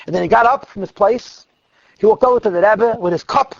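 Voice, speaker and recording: A man, a rabbi, telling stories in a lecture, lively in the telling and dropping to quiet asides. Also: high voice, a little fast, gravelly, no echo, highs cut off. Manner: animated retelling that drops to quiet asides. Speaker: rabbi teaching a class. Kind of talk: storytelling lecture.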